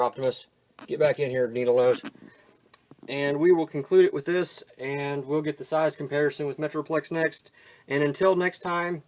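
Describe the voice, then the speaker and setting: An older man hosting a casual toy-review vlog, rambling and self-deprecating. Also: a little high.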